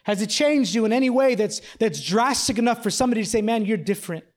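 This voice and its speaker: Speaking fast and animatedly, a high-voiced pastor in his thirties delivers a sermon that is casual, confessional, and self-mocking. Fillers and restarts run throughout until he launches into a series of pressing, repeated questions.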